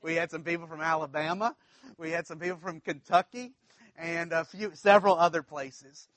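A man's voice: fairly high pitch, fairly even intonation, moderate pace, a bit bright, dry recording. A man from South Louisiana with a local accent, preaching a sermon as pastor in a conversational, storytelling way with folksy asides.

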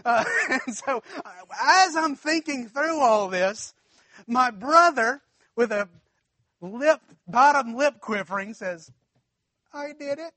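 A man with a high, bright voice tells a story from the pulpit in a folksy, chuckling way. He talks directly to his congregation, as if chatting with friends. The sound is close and dry, with no room echo. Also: expressive, takes it slowly. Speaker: preacher. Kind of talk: storytelling sermon.

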